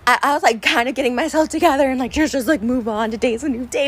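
Recorded on a phone camera, this emotional vlog rant features a woman in her thirties whose voice runs on the high side at a fairly quick pace. She rambles, upset and sometimes tearful, full of fillers and restarts, and the recording quality is low.

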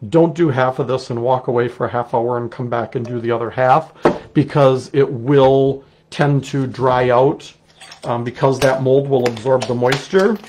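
A middle-aged man with a Wisconsin accent, demonstrating a clay technique in a relaxed, chatty way as he works. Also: mid-range voice, normal speed, slight background noise. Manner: relaxed, chatty, explains while working. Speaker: clay artist teaching a technique. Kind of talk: casual live demonstration.

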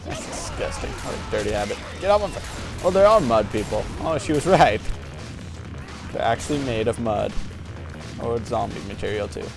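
A man's voice: medium pitch, expressive, moderate pace, gravelly. A man giving casual let's-play commentary while gaming, joking and trash-talking as he plays. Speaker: gameplay commentator. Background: game music and gunfire.

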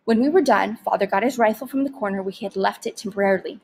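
Woman, breathy voice, storybook read-aloud, gentle steady telling, middle pitch. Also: quick pace. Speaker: teacher reading aloud.

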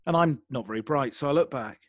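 A young adult English man telling a story in a casual interview, animated and self-deprecating. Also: medium pitch, brisk, dry recording, studio quality. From England. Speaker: podcaster guest.

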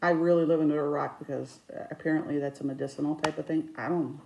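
A woman's voice: deep voice, quick pace, gravelly, dull audio, background noise. Woman in her fifties, echoey room. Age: 50s. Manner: animated storytelling, self-mocking, acts out quoted voices. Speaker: cross-stitch vlogger. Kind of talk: casual chat. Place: indoors, her craft room.

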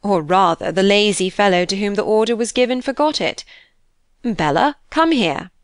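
A woman voicing a good-humoured, kindly young gentleman in an audiobook, with a frank, cordial manner. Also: mid-range voice, expressive, normal speed, no echo, clean studio sound, natural voice.

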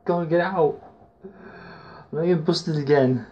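A man's voice: a little high, measured pace, darkish tone, lo-fi sound. Rambling man narrating gameplay. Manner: rambling, chatty, addresses viewers as guys. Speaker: gamer. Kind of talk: casual gameplay commentary.

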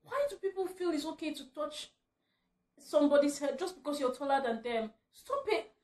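A woman vlogger ranting at home, animated and laughing often as she talks. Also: high voice, fairly quick, echoey room. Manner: animated, laughing mid-rant. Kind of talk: ranting vlog.

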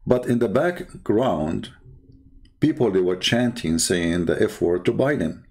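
A man's voice: lowish voice, expressive, a little slow, darkish tone. A man hosting a show, giving mocking commentary with lots of laughter and repetition. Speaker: host.

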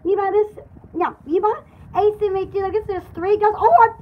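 Extremely high-pitched and brisk, this woman's voice comes through a muffled recording with a little background noise. Playing a fussy poodle who hosts a mock shopping broadcast, she chatters, squeals and rambles, sounding thrilled and quick to get worked up.

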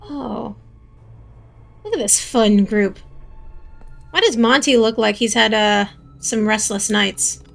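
A woman's voice: a little high, takes it slowly, creaky, long pauses, soft background music. A young woman hosting her gaming channel, chatting casually through gameplay with jokey asides and startled outbursts.

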